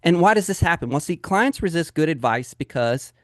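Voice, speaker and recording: A man coaching a live training call on a video call, energetic and emphatic as he talks straight to his audience. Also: a little high, brisk, dry recording, clean studio sound. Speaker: real estate sales coach.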